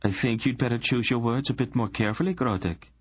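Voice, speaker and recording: A man voicing a sly female royal adviser who speaks with smooth, purring menace. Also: medium pitch, fast, dry recording, clean studio sound, pitched above the performer's own voice, natural voice. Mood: silky threat.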